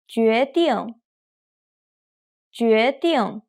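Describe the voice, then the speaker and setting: A woman teaching pronunciation in a drill, saying each word very slowly and with care. Her voice sits a little high and swoops widely from one word to the next. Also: expressive, gravelly, darkish tone. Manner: slow, deliberate modelling of tones. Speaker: Chinese teacher.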